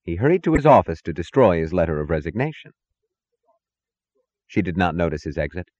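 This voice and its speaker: A man narrating a novel in a measured, dramatic reading that gives each character its own voice. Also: low voice, big pitch swings, darkish tone, no room sound, muffled recording. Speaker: audiobook narrator. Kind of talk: scripted narration.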